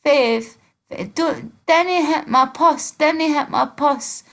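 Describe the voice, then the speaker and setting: A woman mimicking a crude, quarrelsome Dundee local who shouts and swears. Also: high-pitched, takes it slowly, voice pushed up. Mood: belligerent.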